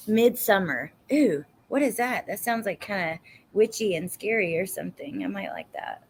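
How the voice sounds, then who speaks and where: Reading viewer comments on her true crime livestream, a Southern US woman talks casually and sometimes curses emphatically. She speaks at a normal speed in a sing-song, mid-range voice, with slight background noise in the recording.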